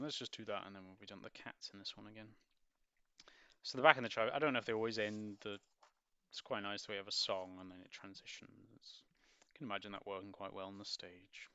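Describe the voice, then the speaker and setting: A low-voiced man with a gravelly, bright edge, reviewing a book in a rambling, musing way. The sound is dry and dull, like a lo-fi home recording. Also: no room sound. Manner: rambling, musing, self-correcting. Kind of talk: casual book review with read-aloud.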